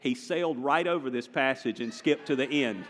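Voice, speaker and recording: Guy preaching a sermon, chatty and animated, big echoey church sound. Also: mid-range voice, moderate pace. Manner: animated, conversational preaching with the congregation. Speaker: pastor. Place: large church sanctuary.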